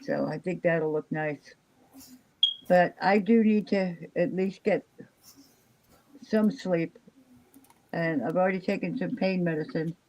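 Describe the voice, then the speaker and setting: A woman's voice: lowish voice, slow pace, long pauses, darkish tone, dull audio, slight background noise. Tired, chatty older woman. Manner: rambling, chatty, trails off with fillers. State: exhausted. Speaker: live stream chat participant. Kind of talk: casual chat.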